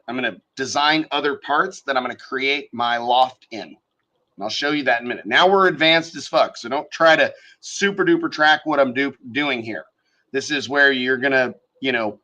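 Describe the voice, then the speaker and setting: A man hosting a casual live-stream tutorial, talking through design software as he works, swearing freely and thinking out loud. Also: medium pitch, poor audio. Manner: profane, thinks aloud while working. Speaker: show host teaching design software.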